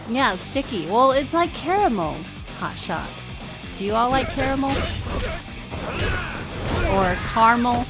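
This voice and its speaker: A young woman streaming a game, chatting casually and musing aloud as she plays, often repeating words playfully. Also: on the high side. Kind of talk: casual live-stream commentary. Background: game music.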